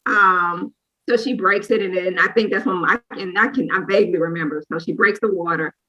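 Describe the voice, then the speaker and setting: A woman's voice: lowish voice, fairly quick, sharp tone, highs cut off. A woman in her thirties, a podcast co-host, candidly telling a personal story in a rambling, casual way with frequent asides. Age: 30s.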